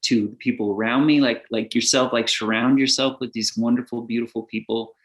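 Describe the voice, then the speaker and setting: Middle-aged man, podcast guest, earnest and rambling, quick to laugh. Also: mid-range voice, steady tone. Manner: rambling, earnest, lots of fillers; laughs often while talking. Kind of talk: casual podcast conversation.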